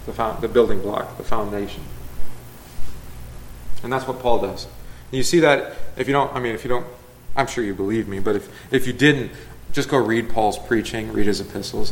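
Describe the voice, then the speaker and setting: A pastor with a fairly low male voice leads a casual Bible class, teaching in a conversational way over slight background noise. He asks the group questions and corrects himself as he goes.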